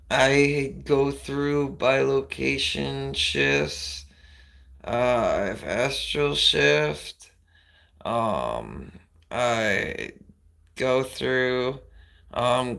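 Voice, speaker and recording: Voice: medium pitch, gravelly, pushed and bright, rough recording. A livestreamer chatting casually to viewers, rambling and hesitant with many fillers. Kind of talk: casual chat.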